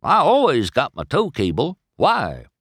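A man's voice: medium pitch, huge pitch swings, measured pace, fairly bright tone, breathy edge, dry recording, studio quality, pitched above the performer's own voice, full character voice. Fields: Mater, a man doing a drawling rusty tow truck. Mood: easygoing. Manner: country drawl, bad grammar. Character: folksy goofy male rusty tow truck.

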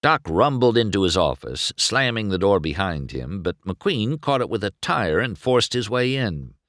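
A man narrating a storybook aloud in a slow, expressive way. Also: fairly low pitch, no room sound, clean studio sound. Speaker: storybook reader.

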